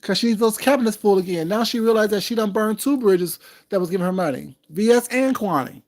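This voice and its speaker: A man's voice: high voice, fairly quick. A man hosting a casual livestream, talking in a sassy, drawling way and calling his listeners baby. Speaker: livestream commentator.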